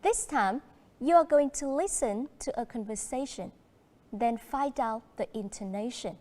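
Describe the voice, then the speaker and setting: A woman with a Vietnamese accent teaching a primary school English lesson, slow and encouraging, switching between English and Vietnamese. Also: a little high, lively intonation, warm tone. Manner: slow, encouraging classroom delivery.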